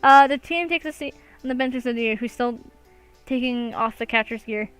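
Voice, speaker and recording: A woman's voice: a little high, moderate pace, a bit bright, clean tone, dry recording, faint music behind, rough recording. A young woman reading a visual novel aloud, laughing and stumbling over words now and then. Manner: reads with frequent laughs and slips. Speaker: let's play gamer.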